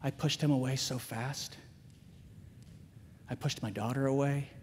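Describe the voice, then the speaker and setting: A man giving a candid, self-mocking, animated storytelling talk at a school chapel. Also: mid-range voice, measured pace, slight background noise. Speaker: chapel speaker. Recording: long reverb of a large chapel.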